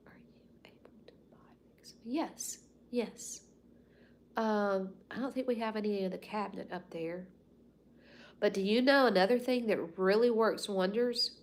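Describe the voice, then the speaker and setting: Her voice sits in the mid-range and she keeps a measured pace. She's a Southern US woman in her fifties hosting a relaxed livestream from home, talking with viewers in a rambling, folksy way full of soft asides.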